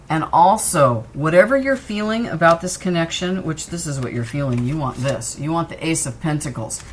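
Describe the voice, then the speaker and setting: A woman's voice: fairly low pitch, a bit bright. A woman doing a casual tarot reading, chatty and reassuring as she talks straight to the viewer. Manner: loose and wandering, jumps between cards. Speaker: tarot reader.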